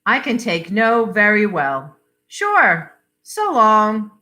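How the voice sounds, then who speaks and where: A woman reading out an impulsive middle-aged husband, blunt and bitter, in clipped, insistent bursts. His lines swing with a lively, bright tone and an unhurried pace. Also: mid-range voice, full character voice. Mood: cheerful.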